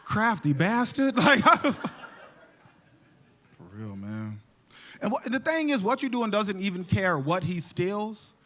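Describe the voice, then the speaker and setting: A man's voice: sits high, very animated, a little slow, pauses often, fairly bright tone. A man doing a stand-up comedy set on a theater stage into a handheld mic, telling casual profane stories and laughing often between punchlines. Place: theater stage before a live audience.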